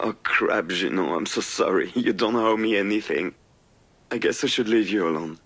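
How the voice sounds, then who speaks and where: A troubled, low-voiced man. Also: measured pace, long pauses, a bit bright. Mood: pleading. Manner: strained, confessional. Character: troubled middle-aged man, confessional and strained. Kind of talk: video game voice acting.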